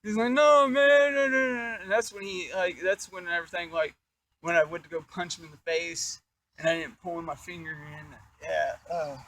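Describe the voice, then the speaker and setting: A young man telling a story from his own life in a casual, animated, profane way, full of fillers like "you know" and "like". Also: fairly high pitch, normal speed, recorded from a distance. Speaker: vlogger.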